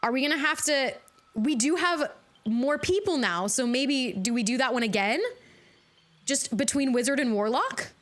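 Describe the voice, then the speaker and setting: A woman streaming a video game live, chatting casually with her viewers, bubbly and quick to laugh. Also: high voice. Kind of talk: casual live-stream chat while gaming.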